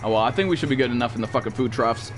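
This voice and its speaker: A young man rattles off quick, swear-heavy commentary while streaming a game, bluntly lecturing his chat. His voice sits at an ordinary middle pitch, with faint music running underneath. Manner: profane, blunt, scolding chat viewers. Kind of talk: live gameplay stream commentary.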